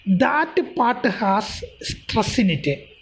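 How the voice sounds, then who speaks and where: A woman teacher walking through a textbook exercise, repeating words slowly to demonstrate pronunciation. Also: mid-range voice, sing-song, low-quality recording.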